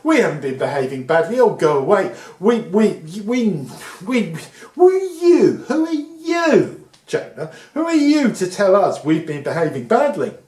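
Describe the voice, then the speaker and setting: A man's voice: sits high, big pitch swings, unhurried, darkish tone. A man voicing defensive, flustered townspeople who protest their innocence, recorded in an echoey room. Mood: indignant. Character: defensive, indignant townspeople of a city.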